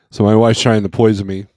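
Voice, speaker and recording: A man hosts a casual livestream from home, rambling easily and chuckling often into a desk microphone. His voice is lowish with a darkish tone, and the recording is dry. It's casual live chat.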